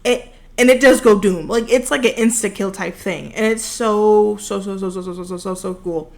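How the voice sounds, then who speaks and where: A woman's voice: mid-range voice, moderate pace, vocal fry, a little mellow. A young woman telling a rambling, casual story over her gameplay footage, full of fillers, recorded at home. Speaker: video creator.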